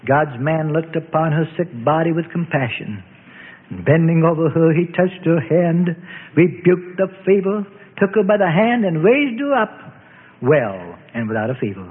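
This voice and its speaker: Husky man narrating dramatically. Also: fairly high pitch, animated. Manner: theatrical, sweeping emphasis, slowing on key words. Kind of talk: dramatic scripted narration of a Bible story. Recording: echoey tinny radio broadcast.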